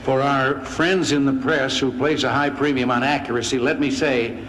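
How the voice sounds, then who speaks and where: A man's voice: mid-range voice, fairly even intonation, normal speed, a bit bright, a little hiss or hum. Older man in a reverberant hall. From United States. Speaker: politician giving a speech. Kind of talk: formal speech with dry jokes. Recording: echoey archive recording in a big hall.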